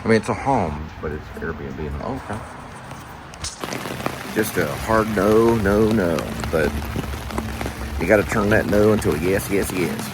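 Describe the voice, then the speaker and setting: A man's voice: on the low side, a little slow, pauses often, heavy background noise. A man filmmaker talking in a loose, chatty monologue, musing with fillers as he goes. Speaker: filmmaker vlogger. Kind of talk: casual rambling monologue.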